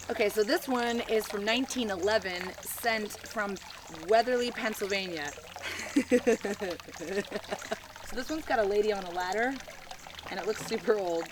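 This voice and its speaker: A woman's voice: medium pitch, background noise. A woman, chatting casually and giggling as she reads old postcards aloud in her vlog. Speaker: vlogger.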